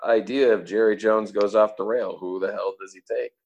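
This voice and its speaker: Low-voiced man steering the chat. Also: moderate pace. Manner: steering questions, lively. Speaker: podcast host. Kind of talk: casual chat.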